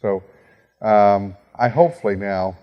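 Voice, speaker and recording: A man's voice: fairly low pitch, a little slow, lo-fi sound. A middle-aged man giving a talk as a guest speaker, telling a story and acting out the dialogue with lots of energy. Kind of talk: storytelling talk to a university audience. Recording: long hall reverb.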